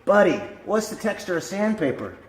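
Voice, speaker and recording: A man voicing an eager, hopeful man pitching his talking dog, in a raised, pleading voice in an echoey room. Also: very animated, normal speed. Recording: echoey room with faint noise.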